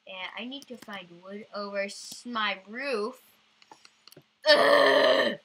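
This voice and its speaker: A woman's voice: medium pitch, unhurried, pushed and bright, husky, poor audio. A woman doing goofy let's-play commentary, bursting into sudden squeals. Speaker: gamer.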